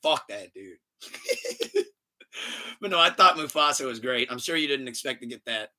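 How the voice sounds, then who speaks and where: A man hosting a casual podcast, telling stories in an animated, profane way and laughing often. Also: medium pitch, normal speed. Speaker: podcast host.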